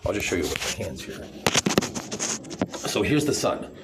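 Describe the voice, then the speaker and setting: A man's voice: low-pitched, big pitch swings, unhurried, heavy background noise. A man ranting in a rambling, sarcastic, profane monologue to camera, calling people idiots. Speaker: vlogger.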